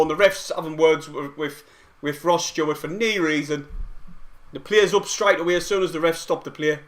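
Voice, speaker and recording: A young man with a broad Mackem accent from Sunderland, hosting a fan live stream with casual slangy chat and excited play-by-play. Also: on the high side, moderate pace. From Sunderland, England.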